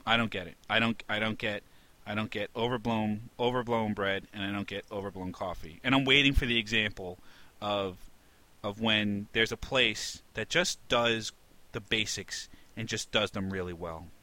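A man's voice: fairly low pitch, moderate pace. A man from New York with a New York accent, a podcast co-host ranting comedically and getting more and more exasperated. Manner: exasperated, ranting, rising to indignant shouts. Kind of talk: comedic rant.

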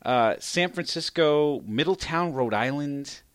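A man co-hosting a casual comedy podcast, playful and quick to laugh. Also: on the high side, animated, clean tone, no echo. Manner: laughs often, playful, teasing. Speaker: podcast co-host. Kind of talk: casual banter.

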